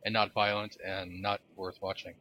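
A man's voice: low voice, level tone, moderate pace, sharp tone. A man co-hosting a podcast, chatting casually with dry, sarcastic asides. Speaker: podcast co-host. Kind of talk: casual chat. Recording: dull lo-fi audio.

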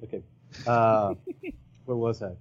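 A podcast host whose first language is Spanish chats casually, rambling and hesitating with lots of fillers. His voice is fairly low, steady and slow, captured in dull lo-fi podcast audio.

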